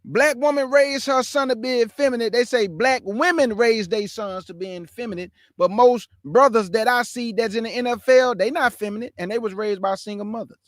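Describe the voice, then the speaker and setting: Emphatic high-voiced male preacher, dry sound. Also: a little fast, few pauses, no room sound. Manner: emphatic, repetitive preaching cadence. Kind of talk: impassioned sermon.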